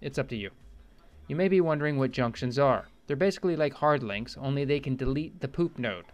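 A man's voice: mid-range voice, lively intonation, brisk. A man narrating a computer tutorial with comedic, profane tangents. He is irreverent and rambling. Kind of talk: comedic screen-recorded tutorial voice-over.

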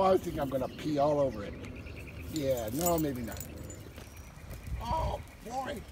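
A man voicing an excitable, crude male dog who rambles and gets distracted by smells on a walk, recorded outdoors from a distance with loud background noise. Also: high-pitched. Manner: giddy, rambling, distractible sniffing talk.

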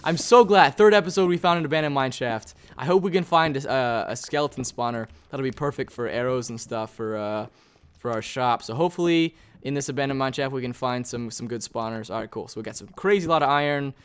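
A gaming YouTuber talking to himself in excitable, rambling let's-play commentary as he plays. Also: medium pitch, fairly quick, smooth. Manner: excitable, rambling self-talk while playing.

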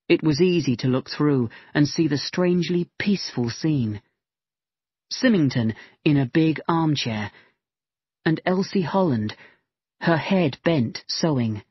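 A male audiobook reader tells the story at a slow, measured pace. His voice is slightly husky. The recording sounds dull and very dry. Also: fairly high pitch, no echo. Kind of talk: scripted narration.

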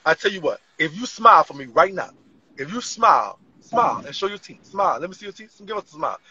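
A man in a live-stream roast battle, brash and profane, shouting insults. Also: sits high, sing-song, fast, muffled recording.

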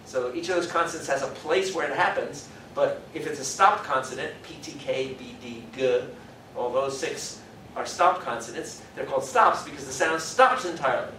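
A man's voice: a little high, fairly quick, sharp tone, slight background noise. A man giving a university lecture, explaining step by step, thinking aloud and demonstrating vowel sounds. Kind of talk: classroom lecture. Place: lecture hall. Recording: echoey lecture hall from far off.

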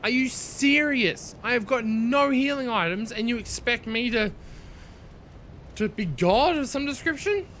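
A young man commentating his own gameplay, excitable, swearing and yelping at what happens on screen. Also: extremely high pitch, unhurried, slight background noise. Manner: excitable, swears and yelps at the game. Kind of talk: let's play commentary.

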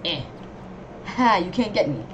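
A woman giving casual, rambling commentary on her gameplay, reacting excitably and yelping when enemies swarm her. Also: mid-range voice, a little slow, noisy background. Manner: excitable, yelps and shrieks at enemies; rambling running reactions to the game. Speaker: gamer.

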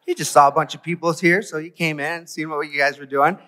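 A man giving a conversational church sermon, animated and full of rhetorical questions. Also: on the high side, fast talker, hardly any pauses, big-room sound. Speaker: preacher. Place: church sanctuary.

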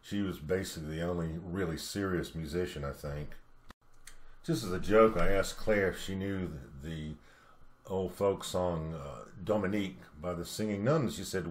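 Older man telling a memory, low voice. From Southeastern United States. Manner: reflective, unhurried storytelling. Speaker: narrator. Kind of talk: narrated personal memoir.

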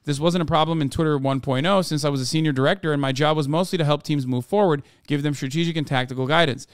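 A man voicing an earnest Icelandic man reading his own letter, in a put-on Nordic accent with a measured, plain delivery. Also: on the high side, fairly even intonation, smooth, no echo, clean studio sound, natural voice.

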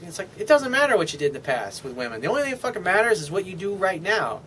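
A man with a slightly raised pitch lectures on dating in an off-the-cuff, blunt way. He drops profanity and dismissive asides, with a faint hiss underneath. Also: sing-song, fast, few pauses, sharp tone. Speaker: dating coach. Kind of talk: casual advice monologue.

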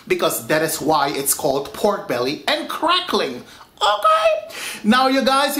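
A man's voice: high voice, a bit bright. A man hosting his own home cooking vlog from his kitchen, flamboyant and sassy, calling viewers "honey" and "baby" and breaking into frank rants. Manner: frank, ranty asides to viewers. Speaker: home cooking show host. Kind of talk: casual cooking vlog to camera.

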